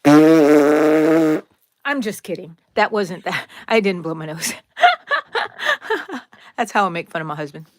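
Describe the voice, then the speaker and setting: A woman's voice: lowish voice, animated, a little slow, long pauses, a bit bright, no echo, clean studio sound. A woman hosting a crochet live stream, chatting playfully, laughing often and greeting viewers by name. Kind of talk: casual live-stream chat.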